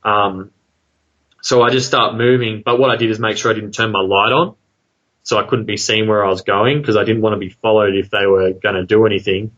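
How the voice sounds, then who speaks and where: A man with an Australian accent telling a long story about his own experience in a casual, rambling way, full of fillers, quickening into excited asides. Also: lowish voice, dull audio. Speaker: guest telling an encounter story.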